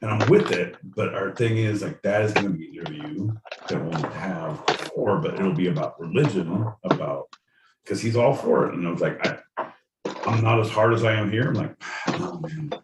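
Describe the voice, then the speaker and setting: A man's voice: low voice, moderate pace. A man co-hosting a podcast, riffing in crude, rambling, mock-indignant banter. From Southern California. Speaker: podcast co-host. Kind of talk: casual comedic banter. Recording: roomy, distant mic with faint noise.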